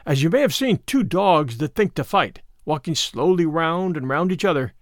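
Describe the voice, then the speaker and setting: A man narrating a storybook in an expressive, animated way. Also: a little high, normal speed, no room sound, studio quality. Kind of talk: storybook reading.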